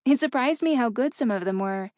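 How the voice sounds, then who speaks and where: A woman voicing a soft, hurt young fiancée. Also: fairly high pitch, expressive, a little fast, dry recording, clean studio sound, voice pushed up, natural voice. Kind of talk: audiobook character reading.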